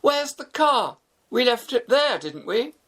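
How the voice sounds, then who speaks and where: A man voicing an anxious young man whose car has been stolen, raising his voice high. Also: big pitch swings, unhurried, fairly bright tone, full character voice. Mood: distraught.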